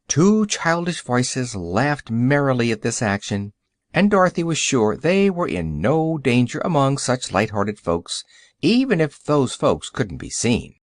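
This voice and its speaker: A man narrating a children's audiobook with expressive storytelling. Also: medium pitch, no echo, clean studio sound.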